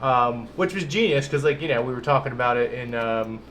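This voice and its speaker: A man co-hosting a comedy show, rambling through his thoughts with plenty of ums and likes. His pitch sits at an ordinary middle height. A faint hiss of room noise sits behind him. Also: fairly even intonation, a little fast, a bit bright. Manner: rambling, filler-heavy talk. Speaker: podcast co-host. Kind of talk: casual chat.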